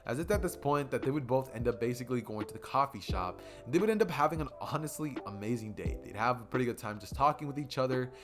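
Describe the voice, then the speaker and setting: A man's voice: medium pitch, lively intonation, fast, hardly any pauses, music in the background. A young man casually narrating a fan story he makes up as he goes, rambling, with fillers.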